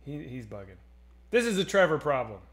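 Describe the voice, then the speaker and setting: A man in his thirties hosting a casual live stream, joking and swearing as he reads chat, swinging between loud and quiet. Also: fairly high pitch, brisk, gravelly. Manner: animated, swearing, jokey, swings loud and soft. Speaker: streamer host.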